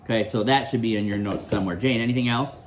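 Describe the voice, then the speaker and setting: A man's voice: fairly low pitch, fast talker, a little hiss or hum. A male teacher reading a novel aloud to his class, quizzing students and explaining the story in a classroom.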